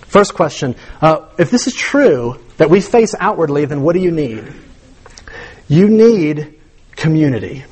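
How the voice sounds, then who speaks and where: A man's voice: high-pitched, darkish tone, breathy edge. A young man preaching a sermon in a conversational, self-deprecating way, chuckling through his personal stories.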